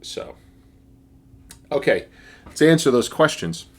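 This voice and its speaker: A man's voice: on the high side, sing-song, slow pace, husky. A man giving a casual, enthusiastic beer tasting review, speaking with frequent fillers and restarts.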